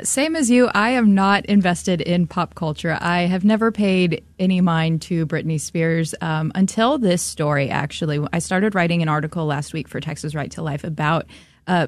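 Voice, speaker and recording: Female radio guest, lower pitch, chatty and hesitant, dry close mic. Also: dry recording. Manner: conversational, with frequent um and uh. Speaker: guest commentator, writer. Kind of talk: talk radio discussion.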